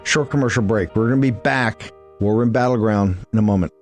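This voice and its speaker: A man's voice: fairly low pitch, a little fast, faint music behind. A man hosting a talk radio show, blunt and emphatic, firing off asides as he interviews his guests.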